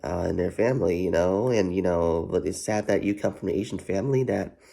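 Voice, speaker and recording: A man's voice: sits low, fairly quick, creaky, mellow. A man vlogging in a rambling, profane way, full of "you know what" fillers and repeats. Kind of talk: casual rambling commentary.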